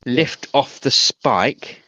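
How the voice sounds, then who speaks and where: A man's voice: mid-range voice, animated, very slow, bright, forceful tone, no room sound. A man narrating as game master over online voice chat, describing scenes in a rambling, hesitant way.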